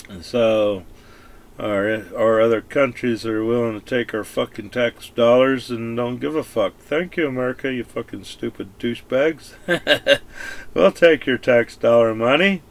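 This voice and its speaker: A man's voice: medium pitch, gravelly. A man ranting casually and crudely to the camera, swearing constantly and rambling from one point to the next. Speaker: vlogger. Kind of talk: casual rant.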